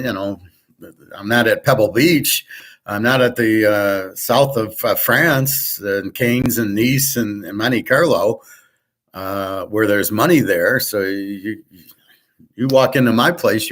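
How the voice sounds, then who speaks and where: A man with a low, slightly bright voice hosts a casual solo monologue offering tips on markets and poker. He's blunt, profane, and opinionated, rambling with frequent restarts and sarcastic asides.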